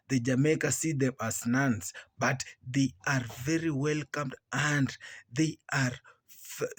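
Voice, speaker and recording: A man hosting a reaction channel, giving casual commentary in a halting way with frequent restarts. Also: on the high side, breathy edge, dry recording. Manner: halting, restarts and repeats words.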